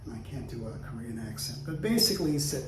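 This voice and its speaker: A man in his sixties from the United States, telling stories in a relaxed interview, chatty and laughing easily. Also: medium pitch, fast, a little hiss or hum. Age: 60s. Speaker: guest. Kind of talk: casual interview storytelling. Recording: roomy, distant mic.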